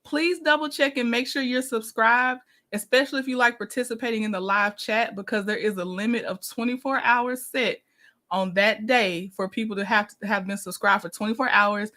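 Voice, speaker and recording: A woman's voice: a little high, fairly even intonation, normal speed, bright, forceful tone. Chatty woman hosting a livestream. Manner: greets viewers by name, laughs often. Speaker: livestream host. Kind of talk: casual livestream chat.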